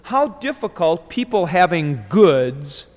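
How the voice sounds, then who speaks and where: A man teaching Greek grammar to a class, deliberate, parsing each word aloud and spelling things out. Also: a little high, very animated, darkish tone, long reverb tail, lo-fi sound. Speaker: Greek New Testament teacher.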